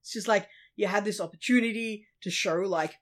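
A young Australian woman co-hosting a casual podcast chat, animated and sweary, laughing often. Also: medium pitch, brisk. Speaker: podcast co-host.

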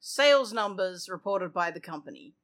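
Woman, podcast co-host, sarcastic, gleeful, casual chat, mid pitch. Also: animated, moderate pace, fairly bright tone.

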